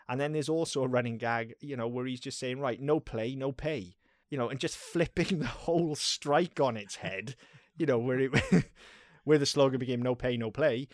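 A man's voice: medium pitch, dry recording, clean studio sound. A man co-hosting a podcast, talking in a casual, enthusiastic way and swearing now and then. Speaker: podcast co-host. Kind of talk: casual chat.

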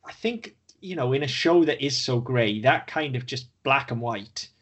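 A man's voice: mid-range voice, animated, normal speed, fairly bright tone, slightly rough. A man co-hosting a podcast, chatting casually about a TV episode and swearing freely as he talks. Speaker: podcast co-host. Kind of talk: casual chat reviewing a TV episode.

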